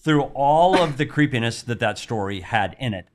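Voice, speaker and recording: Woman, co-host; very deep, lively, fast, playful banter. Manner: quick, playful banter and wisecracks. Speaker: podcast co-host. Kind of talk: casual chat.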